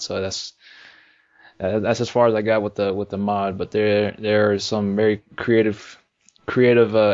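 A man co-hosting a casual gaming podcast, rambling and halting with lots of fillers. His voice sits low and comes through a dull, lo-fi recording. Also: a little mellow. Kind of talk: casual chat about video games. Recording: dull lo-fi sound.

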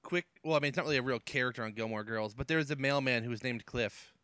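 Man with a bright, smooth voice. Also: mid-range voice, quick pace, no echo. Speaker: podcast co-host. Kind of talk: casual comedic chat.

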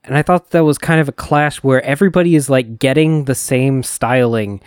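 A man in casual podcast chat who rambles and leans on fillers. His voice sits at an ordinary pitch. It is recorded dry and close with no room sound. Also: brisk, clear, resonant tone, no room sound. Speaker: podcast panelist.

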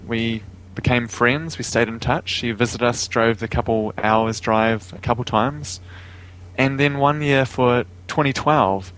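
A man's voice: on the low side, a bit bright, low-quality recording. A man with a New Zealand accent, a guest talking casually in an interview over a remote call, easygoing and chuckling often. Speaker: guest, vegan activist.

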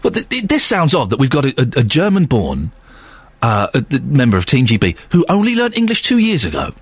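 A man presenting a chatty local radio phone-in, animated and full of stammering restarts. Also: medium pitch, fairly quick, breathy edge, dry recording.

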